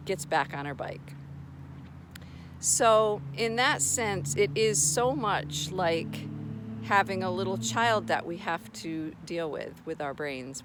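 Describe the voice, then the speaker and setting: A woman's voice: lowish voice, fairly bright tone, a little hiss or hum. A woman talking casually to camera, sharing brain retraining advice in an earnest, reassuring way with storytelling asides.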